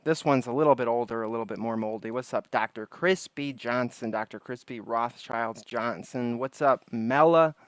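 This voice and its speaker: A man's voice: mid-range voice, normal speed, hardly any pauses, clean tone, no echo. A man hosting a casual late-night livestream, joking around and greeting chatters by name from his porch. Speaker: livestream host. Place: outdoors on a porch.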